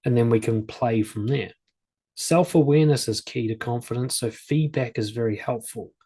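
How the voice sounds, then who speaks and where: Husky-voiced man giving parenting advice. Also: medium pitch, moderate pace, dark tone. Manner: conversational, plain-spoken, with examples from his own family. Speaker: parenting and confidence coach. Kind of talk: advice talk to camera.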